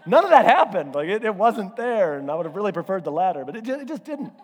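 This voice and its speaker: Guy pastor telling a story from the pulpit, lively and acting bits out, kinda high voice, hall echo. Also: fast talker. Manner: animated storyteller, acts out voices and asides. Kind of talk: sermon storytelling. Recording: hall reverb.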